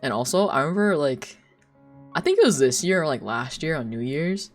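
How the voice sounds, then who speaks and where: A woman's voice: sits low, a little fast, faint music behind. A young woman streamer chatting casually while she draws, telling stories with lots of giggles. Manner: giggly, animated storytelling.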